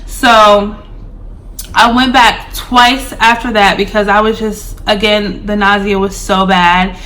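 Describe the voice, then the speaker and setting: A woman's voice: medium pitch, steady tone, slow, bright, forceful tone. A woman in her twenties telling a personal story to her viewers in a chatty way, full of "like" and "um". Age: 20s. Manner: chatty, fillers like "like" and "um", addresses viewers directly. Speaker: vlogger. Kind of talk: casual storytime.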